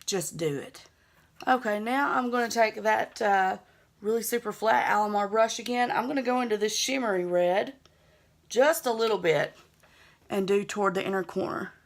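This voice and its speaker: A woman's voice: medium pitch, steady tone, normal speed. Young southern woman talking through her makeup routine, chatty and laid back, pokes fun at herself. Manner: chatty, easygoing, self-teasing. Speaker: beauty vlogger. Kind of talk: makeup tutorial narration.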